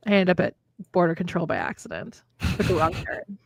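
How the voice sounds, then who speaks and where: Animated woman telling a story. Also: on the low side, brisk, gravelly, no echo, studio quality. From Minnesota, USA. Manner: animated storyteller, acts out quotes. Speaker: podcast co-host. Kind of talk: casual chat.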